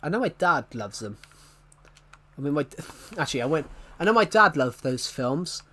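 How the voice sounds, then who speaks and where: A man's voice: on the high side, very animated, moderate pace, sharp tone. A young man chatting casually on a live stream, rambling and self-deprecating, often laughing and restarting his sentences.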